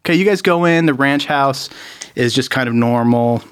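A man narrating as game master of a tabletop role-playing game, relaxed and laughing easily. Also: medium pitch, normal speed, clean tone.

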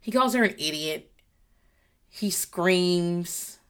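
A mother talking casually about parenting, blunt and animated, with plenty of swearing. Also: on the low side, slow pace, clean tone.

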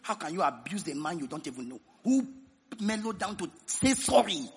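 A man with a Nigerian accent preaching a sermon as pastor, who tells stories and leads the church in shouted prayer. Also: a little high, very animated, moderate pace. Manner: storytelling sermon building into shouted prayer and tongues.

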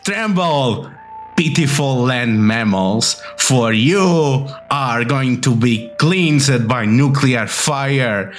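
A man voicing a scarred male porpoise who swings between grandiose menace and weariness, drawn out and slow. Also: mid-range voice, natural voice. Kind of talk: tabletop game voice acting.

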